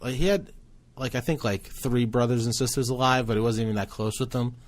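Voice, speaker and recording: A man's voice: mid-range voice, fairly quick. Rambling, swearing man telling stories. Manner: rambling storyteller, swears, laughs a lot. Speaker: podcast host. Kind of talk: casual chat.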